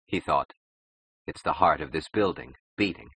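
Male audiobook narrator, very deep and husky, measured dramatic reading. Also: fairly bright tone, poor audio. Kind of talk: scripted narration.

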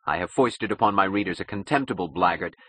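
Male audiobook narrator, very deep and husky, measured dramatic reading. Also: lively intonation, sharp tone, no echo, poor audio. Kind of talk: scripted narration.

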